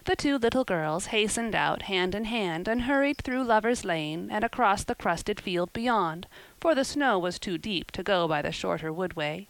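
A woman narrating an audiobook in a steady, even storytelling voice. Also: medium pitch, normal speed, no room sound, rough recording.

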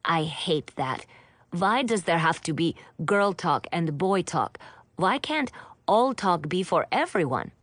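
A woman voicing an earnest young boy prince who asks plaintive questions in a slightly lowered voice. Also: lively intonation, slow, fairly bright tone, dry recording, full character voice.

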